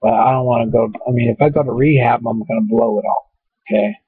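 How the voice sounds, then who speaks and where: A man's voice: mid-range voice, fast, husky, dry recording. A man rambling through a casual webcam monologue at home, full of fillers and asides. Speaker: vlogger. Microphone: webcam mic. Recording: tinny, phone-like dry webcam audio.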